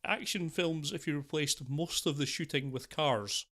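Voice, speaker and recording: A man's voice: on the high side, normal speed, a bit bright. A man co-hosting a film podcast, easygoing and mildly sardonic as he rambles on. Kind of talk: casual film discussion.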